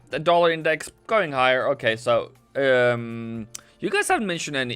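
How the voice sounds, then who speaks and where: A man with a pushed, bright, mid-range voice hosts a live forex trading stream, casually thinking aloud over charts and reading chat messages as market commentary. The sound is dry and close with no echo, and faint music plays in the background.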